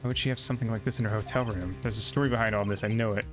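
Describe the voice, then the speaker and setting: A man's voice: fairly low pitch, fairly even intonation, rapid-fire, music in the background. A man streaming a game, reading dialogue aloud and joking casually, swearing now and then.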